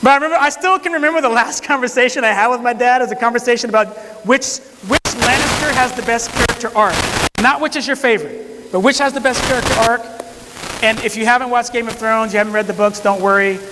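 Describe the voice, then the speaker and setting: A man's voice: very high voice, fast talker, background noise. A man telling a courtroom story to an audience in a conversational way, acting out the dialogue. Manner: conversational, quotes people in dialogue. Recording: long hall reverb.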